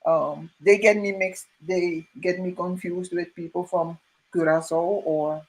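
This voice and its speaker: A woman from Suriname, chatting as a guest and telling stories in an animated way, laughing often and saying "you know" a lot. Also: fairly low pitch, a little slow, poor audio. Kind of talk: casual storytelling chat.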